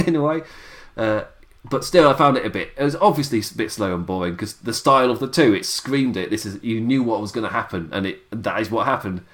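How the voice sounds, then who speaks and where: A man's voice: medium pitch, a bit bright. A man giving a casual spoken review of a wrestling show, rambling along with frequent chuckles and filler sounds.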